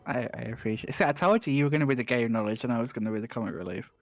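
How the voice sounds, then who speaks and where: A man's voice: mid-range voice, racing. A man with a British accent giving live speedrun commentary, chatty and self-deprecating. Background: music.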